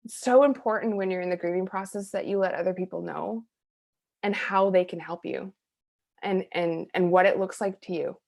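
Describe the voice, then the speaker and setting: Candid woman with a gravelly edge. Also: on the low side, normal speed, darkish tone. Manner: candid, rambling retelling with frequent "like" and restarts. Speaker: hypnotherapist and transformation coach, interview guest. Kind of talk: conversational storytelling in an interview.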